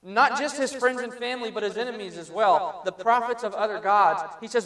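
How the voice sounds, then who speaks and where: A man with a fairly high voice preaches, telling the story casually with many ums and restarts. He sounds set back from the microphone in a roomy, echoing space. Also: fairly quick, hardly any pauses, fairly bright tone. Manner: conversational storytelling with fillers and restarts. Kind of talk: sermon. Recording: roomy, mic at a distance.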